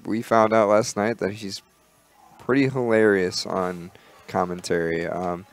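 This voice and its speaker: A man co-hosting a podcast in casual chat, relaxed and rambling, with many fillers and restarts. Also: lowish voice, a little slow. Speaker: podcast co-host.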